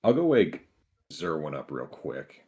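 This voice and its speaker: A man's voice: very deep voice, huge pitch swings, unhurried, darkish tone. A man playing a tabletop game, talking casually and rambling with restarts. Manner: rambling, hesitant, repeats himself. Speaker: player.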